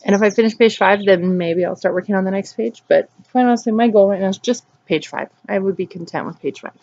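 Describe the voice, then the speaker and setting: A woman's voice: mid-range voice, quick pace, darkish tone, muffled recording. A woman hosting a casual cross-stitch vlog outdoors in her backyard, chatting loosely and wandering off topic. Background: birds singing.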